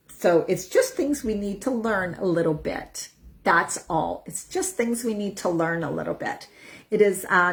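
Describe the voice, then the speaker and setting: A woman's voice: lowish voice, vocal fry. Earnest middle-aged woman coaching. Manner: earnest, repetitive, self-coaching. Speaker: menopause coach. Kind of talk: casual direct-to-camera talk.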